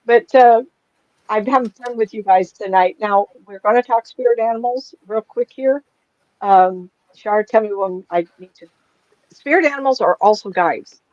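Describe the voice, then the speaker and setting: A woman's voice: mid-range voice, normal speed, darkish tone, dry recording. A woman in her sixties, a psychic medium, talking casually to a small group in a rambling, chatty way that is full of laughs. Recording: dull, lo-fi and dry.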